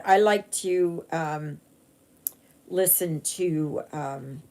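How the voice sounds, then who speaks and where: Low, gravelly, slow-talking woman. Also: a little mellow. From Canada. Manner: rambling, chatty, many fillers and restarts. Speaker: cross-stitch vlogger. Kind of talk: casual chat while stitching live.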